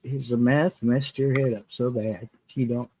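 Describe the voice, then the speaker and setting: A man's voice: mid-range voice, steady tone, unhurried, dark tone, a little hiss or hum, rough recording. A man hosting a live chat, telling stories with frequent chuckles. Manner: chuckling storyteller. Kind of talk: casual chat.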